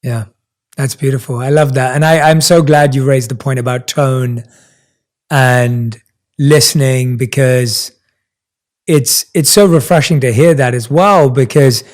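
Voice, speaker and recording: A man's voice: mid-range voice, a little slow. A man hosting an interview, asking questions in an enthusiastic, reflective way. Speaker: interview host. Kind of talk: conversational interview.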